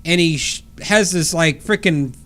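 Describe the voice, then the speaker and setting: A man with a somewhat high voice walks through a movie's story in a loose, chatty way. He leans on fillers and throws in a casual swear now and then. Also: a little slow, fairly bright tone. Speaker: podcast co-host. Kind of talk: casual film recap.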